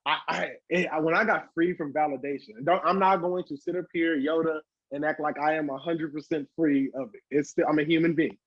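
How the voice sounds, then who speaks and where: High husky guy riffing as a podcast guest, swears a lot, dry dull sound. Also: fairly quick, no room sound. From Southern California. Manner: animated, swears freely, acts out quoted voices. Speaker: guest hip hop artist. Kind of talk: casual podcast interview.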